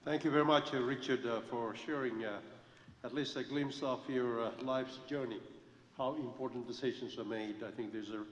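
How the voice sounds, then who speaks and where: A man's voice: medium pitch, steady tone, normal speed, a little hiss or hum. Man at a podium, far off in a hall. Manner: formal, with frequent hesitations. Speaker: university official presenting an honorary degree. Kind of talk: formal ceremony address. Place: large hall. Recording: distant, dull, echoey hall sound.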